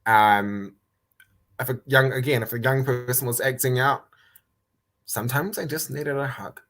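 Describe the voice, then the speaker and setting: A young man, a youth worker chatting on a video call, animated as he tells stories and acts out what others said. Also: mid-range voice, normal speed. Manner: animated storyteller who acts out quotes. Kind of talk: casual chat. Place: indoors, a room.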